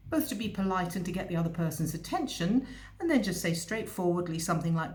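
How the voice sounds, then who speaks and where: A woman's voice: lowish voice, very animated, quick pace. A woman host giving a conversational educational talk, explaining and speaking directly to the listener. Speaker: psychologist host. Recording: echoey room.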